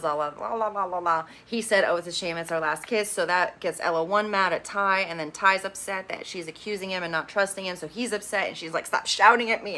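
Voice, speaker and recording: A woman casually recapping a reality show, with sassy opinionated asides and quick quoted impressions. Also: medium pitch, bright, forceful tone.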